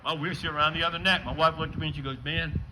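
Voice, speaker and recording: An older man from western New York doing a stand-up comedy set outdoors, telling stories in a deadpan way and acting out the dialogue. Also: on the high side, rapid-fire, background noise. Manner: deadpan storytelling with acted dialogue bits. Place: outdoor show with a live audience.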